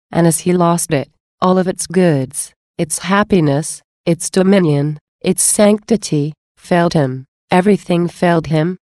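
A woman reading aloud the words of a gentle, tender Jesus speaking to a beloved soul, in a slow, solemn, devout manner. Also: lowish voice, dry recording, studio quality, lightly acted.

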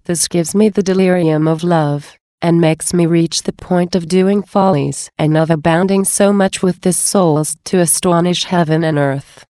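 A woman reading the words of a grieving Jesus in a slow, solemn devotional voice. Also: on the low side, fairly even intonation, dark tone, dry recording, clean studio sound, natural voice. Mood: sorrowful. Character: sorrowful Jesus, a grieving divine man.

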